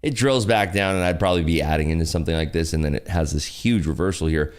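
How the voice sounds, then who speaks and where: A man's voice: low-pitched, fast talker, clean tone. A man hosting a trading livestream, talking in a rambling, laid-back way with lots of fillers. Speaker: futures trading livestream host. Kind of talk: casual livestream commentary.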